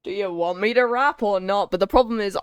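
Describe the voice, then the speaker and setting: A woman's voice: mid-range voice, brisk, smooth, no echo, clean studio sound. A British woman streamer chatting casually as she plays a game and reacts to it. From Britain. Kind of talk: casual chat while playing a game. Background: game music.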